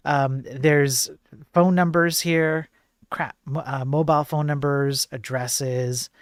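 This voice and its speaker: A man's voice: on the high side, steady tone, takes it slowly, clear, resonant tone, no room sound, clean studio sound. A man hosting a casual live-streamed tech news show, rambling and chatty with lots of fillers and jokey asides to his chat.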